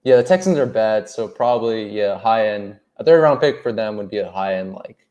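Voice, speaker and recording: A man, a sports YouTuber, chatting casually about football in a relaxed way full of fillers. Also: fairly low pitch, a little fast.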